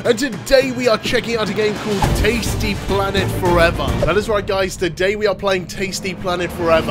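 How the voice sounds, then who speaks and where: A young man with a cold doing energetic, jokey let's-play commentary, swinging between loud theatrical outbursts and mutters. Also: high voice, a little fast, few pauses, loud music behind the voice. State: has a cold. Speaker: gaming YouTuber.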